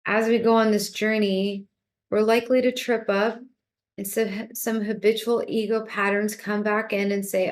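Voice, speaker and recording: Speaking as a teacher, a woman gives a calm spiritual talk, guiding listeners through a meditation practice. Her mid-range voice moves at a moderate pace as she gently coaxes and repeats herself.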